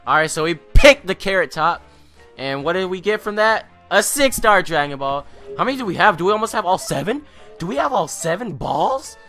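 A teenage boy hosting gameplay commentary, excitable, rambling and self-mocking. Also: high voice, fairly quick, faint music behind. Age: teens. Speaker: gaming channel host.

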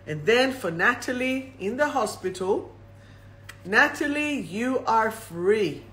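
A woman hosting a live-streamed oracle card reading, reading each affirmation slowly and then repeating it. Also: a little high, animated, fairly bright tone. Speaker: host and card reader.

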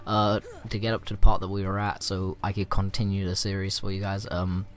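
A man's voice: low-pitched, completely flat delivery, a little fast. A young man casually commentating his gameplay, rambling and swearing, easily riled. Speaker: let's play gamer. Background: game music.

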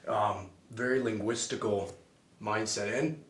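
A man's voice: lowish voice, unhurried, roomy sound. A man hosting an interview who asks eager follow-up questions. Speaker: interview host.

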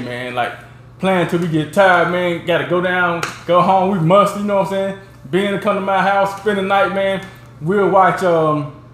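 A man with a fairly high voice spins long, rambling stories in a loose, casual way, constantly checking in with the listener. The recording has a roomy echo around him. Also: slight background noise. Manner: rambling, animated, peppered with "you know what I'm saying". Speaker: show host. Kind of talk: casual storytelling.

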